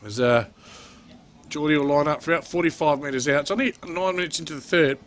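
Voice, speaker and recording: Aussie bloke calling local footy, jokey and chatty, gets excited on goals, bit of outdoor hum. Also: male voice, a little high, brisk. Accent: Australian. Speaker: play-by-play commentator. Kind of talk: amateur sports commentary.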